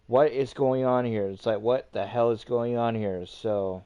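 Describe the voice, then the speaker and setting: A man's voice: medium pitch, steady tone, unhurried, clean tone, muffled recording. A man hosting a livestream, ranting casually in a rambling, repetitive way and swearing often. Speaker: livestream host.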